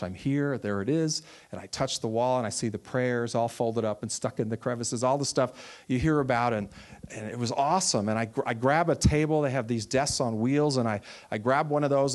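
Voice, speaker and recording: A man who runs a ministry, telling a personal testimony in a sermon and acting out the voices of the people he quotes. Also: mid-range voice. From Texas. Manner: storytelling, animated, acts out quoted voices.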